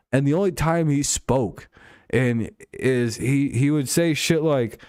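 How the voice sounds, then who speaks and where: A man's voice: mid-range voice, a little mellow, clean tone, no echo, clean studio sound. A man hosting a casual stream, rambling and joking crudely about sports. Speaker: streamer host.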